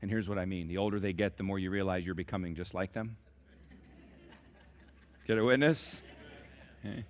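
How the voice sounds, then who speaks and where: A man's voice: sits low, steady tone, racing, hardly any pauses, darkish tone. A man preaching a sermon as pastor, telling stories and calling out to his congregation for responses. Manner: storytelling preacher who calls out to the congregation.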